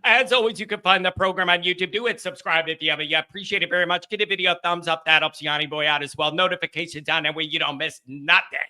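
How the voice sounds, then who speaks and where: A man's voice: a little high, fairly even intonation, bright, forceful tone. A man hosting a call-in sports show, rambling casually and joking about himself. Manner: rambling, self-deprecating, quick laughs. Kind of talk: casual sports talk monologue.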